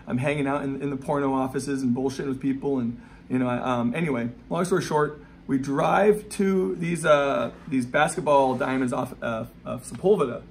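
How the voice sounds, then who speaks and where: A man's voice: medium pitch, fairly even intonation, gravelly, a little hiss or hum. A man in his forties, a skateboarder and skate shop owner, telling rambling, profane stories in a casual way. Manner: rapid, profane, rambling anecdotes with many asides. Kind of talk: casual storytelling.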